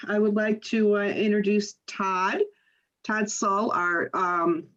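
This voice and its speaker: A woman chairing an online board meeting, talking slowly with many pauses and fillers. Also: mid-range voice, steady tone, a bit bright, dull audio. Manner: slow, halting, many fillers.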